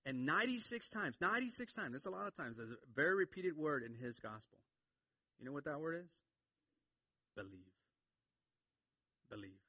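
A man preaching a sermon, swinging from quiet explanation to emphatic points. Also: on the high side, very animated, fast, no echo. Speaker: pastor.

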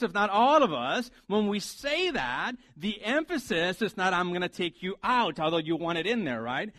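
A man's voice: high-pitched, a bit bright, no room sound. A man preaching a sermon as a pastor, talking conversationally and animatedly and acting out the lines he quotes.

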